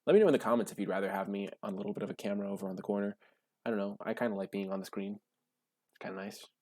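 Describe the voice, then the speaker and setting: A man giving casual gameplay commentary while drafting cards, gushing and breaking into high excited shouts. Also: rapid-fire, no room sound. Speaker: card game drafting streamer.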